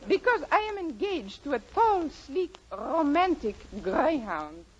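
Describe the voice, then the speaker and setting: A woman's voice: high-pitched, sing-song, unhurried. An actress playing a coquettish female French poodle with a put-on French accent, coy and teasing, in a 1940s radio comedy. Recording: dull noisy old radio recording.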